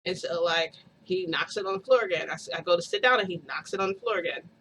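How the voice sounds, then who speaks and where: A woman's voice: fairly low pitch, quick pace, sharp tone, slight background noise, rough recording. A woman telling a long personal story in casual vlog style, rambling with lots of fillers and frequent laughs. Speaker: vlogger.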